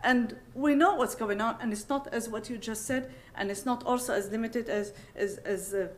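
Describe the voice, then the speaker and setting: Impassioned woman asking a question. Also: fairly high pitch. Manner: impassioned, halting, repeatedly apologizing. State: upset, emotional. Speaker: audience member asking a question. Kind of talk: emotional public question at a panel. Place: conference hall.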